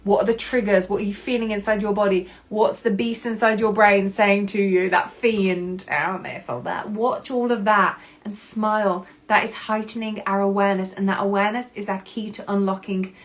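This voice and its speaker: Candid, expressive woman podcaster. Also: medium pitch, normal speed, few pauses. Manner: candid and expressive, swearing casually, acting out her own past reactions. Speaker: podcast host. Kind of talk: personal self-help podcast talk.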